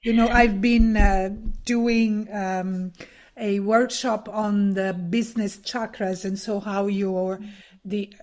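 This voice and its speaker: A woman's voice: medium pitch, steady tone, slow pace, a little mellow. A woman in her fifties hosting a podcast, speaking thoughtfully with a lot of fillers. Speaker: podcast host. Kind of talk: casual podcast conversation.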